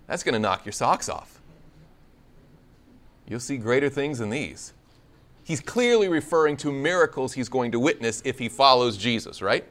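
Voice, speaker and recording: A man's voice: mid-range voice, normal speed, long pauses. A man preaching a conversational sermon, acting out scripture dialogue with playful humor. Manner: conversational, animated, acts out biblical dialogue with humor.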